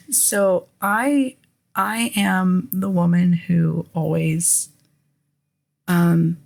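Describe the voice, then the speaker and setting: A woman hosting her own podcast in casual solo talk, candid and rambling, with a hoarse, phlegmy voice and frequent restarts. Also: fairly low pitch, fairly even intonation, extremely slow, long pauses, a little mellow. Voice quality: raspy, phlegmy voice with a lingering cough. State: hoarse throat. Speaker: podcast host.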